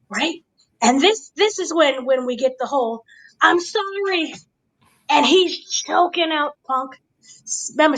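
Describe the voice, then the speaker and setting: A woman's voice: sits high, poor audio. A woman hosting a casual wrestling recap, talking animatedly and acting out what the wrestlers said. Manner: animated, acts out quotes. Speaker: host.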